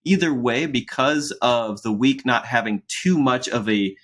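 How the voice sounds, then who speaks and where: A man of ordinary pitch talks loosely and at length in a relaxed podcast conversation. He restarts his sentences often and laughs lightly as he goes. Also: unhurried. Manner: rambling, with frequent restarts and soft laughs. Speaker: podcast co-host. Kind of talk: casual conversational podcast chat.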